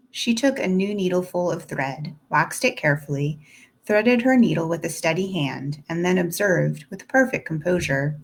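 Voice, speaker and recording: Female audiobook narrator, low gravelly voice, steady classic-novel reading. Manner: steady, deliberate first-person reading.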